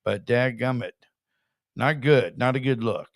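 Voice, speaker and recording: Gravelly guy hosting a chat show, dry sound, cusses a lot. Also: mid-range voice, unhurried, no echo. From California. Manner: blunt, swears casually. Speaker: show host. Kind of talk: casual chat.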